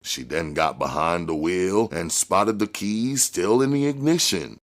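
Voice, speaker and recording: A man narrating an action novel aloud in a measured way that climbs on dramatic moments. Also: deep voice. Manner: measured, rising on action beats. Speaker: audiobook reader.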